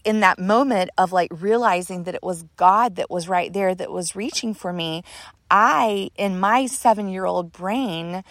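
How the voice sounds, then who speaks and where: Woman podcast host, casual confessional storyteller, low gravelly voice, close and dry sound. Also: dry recording. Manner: earnest, rambling, leans on filler words.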